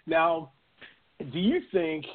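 A man's voice: on the high side, expressive, slow pace, over a noisy crowd. A man hosting a casual combat sports podcast, easygoing and chuckling as he talks. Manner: easygoing, chuckling, many fillers. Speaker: host. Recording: phone-like narrow sound.

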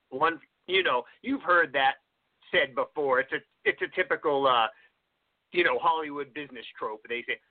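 A man co-hosts a laid-back film podcast, his slightly high voice moving with lively intonation at normal speed. He rambles and hesitates, using plenty of fillers, and the audio is thin, phone-like, and dry with no echo.

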